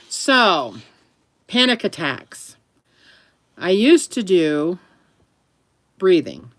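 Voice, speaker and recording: With a fairly low pitch and no room sound, this woman talks casually to camera as a vlogger. She rambles, laughs a lot, and breaks off now and then to coo fondly at her dog.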